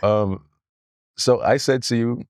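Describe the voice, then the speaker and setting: A man with a medium-pitched voice speaks slowly while co-hosting a casual podcast. Arguing his point, he's insistent and repetitive, talking over his co-host.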